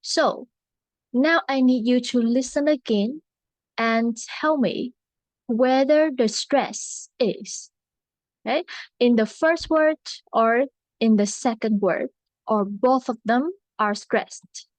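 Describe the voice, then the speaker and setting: A woman's voice: on the high side, slow pace, dry recording, low-quality recording. A woman, an English teacher explaining vocabulary stress patiently and checking in often. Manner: patient, repeats checks like "okay" and "right". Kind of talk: classroom explanation.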